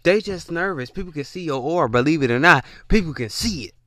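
A man preaching in a loose, animated monologue. His voice is fairly high and bright and sounds close and dry. He draws words out and keeps repeating himself for emphasis. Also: fast talker, no room sound. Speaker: podcast host. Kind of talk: casual spiritual monologue.

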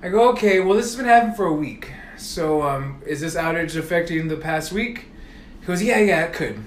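A man's voice: on the high side, expressive, brisk, reverberant, slight background noise. A man telling a long story in casual chat, swearing freely and acting out both sides of phone calls. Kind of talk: casual storytelling among friends.

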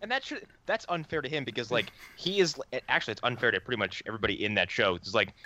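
A man co-hosting a casual podcast chat, animated and quick to act out what others might say. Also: medium pitch. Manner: animated, mimics people in quoted asides. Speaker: podcast co-host. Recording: dull lo-fi mic.

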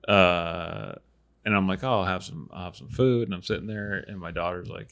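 A man in his thirties casually telling a lively hunting story on a podcast, acting out quotes. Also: low-pitched, brisk, creaky. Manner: animated storyteller, acts out quotes. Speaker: podcast host and hunter.

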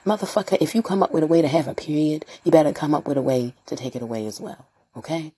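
A young adult woman hosting her own podcast, talking in a blunt, profane, animated way that swings between loud outbursts and hushed whispers. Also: deep voice, fast talker, slightly rough. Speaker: podcast host and streamer. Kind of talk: casual solo podcast rant.

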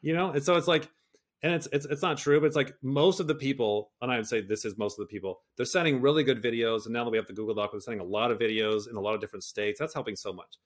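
Profane, animated middle-aged man. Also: medium pitch, quick pace. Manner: profane, animated, rambling with many restarts. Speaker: guest, personality system creator. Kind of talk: candid interview conversation.

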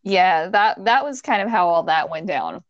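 A woman's voice: lowish voice, moderate pace, dry recording, dull audio. A woman in her thirties chatting casually, telling stories with lots of laughter and acted-out quotes. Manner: animated, laughs often, acts out quotes. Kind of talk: casual storytelling chat.

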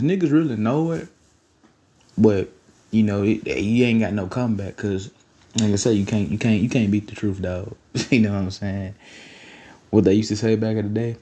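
A man's voice: on the low side, fairly quick, warm tone. A young man hosting a solo podcast, blunt and profane, repeating lines for emphasis. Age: young adult. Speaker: podcast host. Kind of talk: casual solo podcast rant.

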